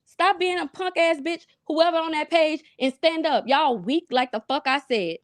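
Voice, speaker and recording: A woman's voice: high-pitched, expressive, moderate pace, few pauses, no echo. Blunt cussing woman on a panel. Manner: blunt, profane, emphatic. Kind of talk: heated casual panel chat.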